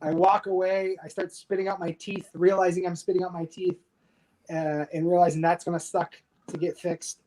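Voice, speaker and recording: A man in his thirties from the United States, a podcast guest telling a war story candidly and with dark humor, swearing freely. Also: high-pitched, little pitch movement, moderate pace, rough recording. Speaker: podcast guest, army veteran. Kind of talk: casual storytelling interview.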